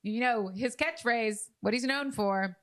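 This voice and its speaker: A woman's voice: on the high side, measured pace, a bit bright. A woman co-hosting a podcast in casual, playful chat, teasing her co-host and laughing often.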